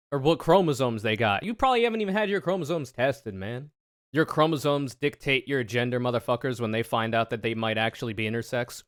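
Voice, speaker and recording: A man streaming casual reaction commentary, sarcastic and profane, ranting with animated energy. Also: medium pitch, no echo, clean studio sound. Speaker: streamer reacting to debate clips.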